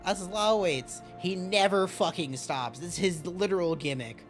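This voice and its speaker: A man's voice: sits high, moderate pace. A male streamer casually joking and swearing over gameplay. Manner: profane, joking. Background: game music.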